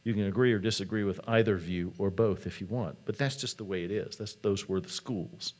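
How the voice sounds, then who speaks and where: Male college president, keynote talk, relaxed storyteller, lower voice. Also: brisk. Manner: storytelling, conversational.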